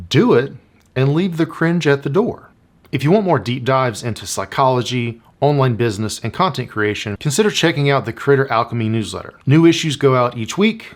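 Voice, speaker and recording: Man, Appalachian accent, psychologist, scripted explainer, very lively pitch, mid voice. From rural Appalachia. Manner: animated, acts out quoted lines.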